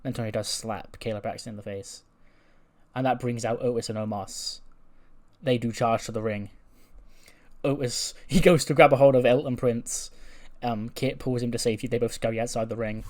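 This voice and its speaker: A man's voice: medium pitch, steady tone, moderate pace, darkish tone. A man casually recapping a wrestling show, chatty and full of fillers.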